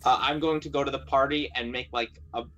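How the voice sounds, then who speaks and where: A man's voice: mid-range voice, fairly even intonation, a little fast, sharp tone, highs cut off. A man playing a tabletop horror game, talking in a casual, hesitant, stammering way. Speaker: player.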